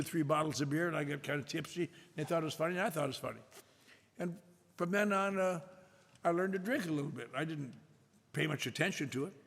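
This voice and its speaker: An older man telling a self-mocking story to an audience at a recovery meeting, with a wry, drawn-out delivery. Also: on the high side, vocal fry, a bit bright. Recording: echoey hall with faint noise.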